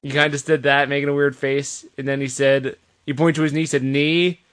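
A man co-hosting a podcast, giving an animated casual recap with plenty of swearing. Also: medium pitch, fast talker. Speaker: podcast co-host. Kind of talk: casual chat.

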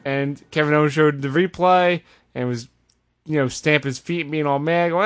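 A man hosting a casual podcast, recapping events in an animated, sarcastic way. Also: on the high side, normal speed. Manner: animated, sarcastic retelling with put-on voices. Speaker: podcast host. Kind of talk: casual wrestling recap chat.

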